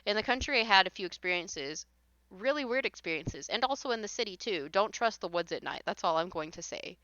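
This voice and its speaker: Woman live-streamer, casual chat, blunt and exasperated, crisp tone, slightly lo-fi mic. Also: mid-range voice, animated, brisk, bright, forceful tone, dry recording. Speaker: streamer reading paranormal posts.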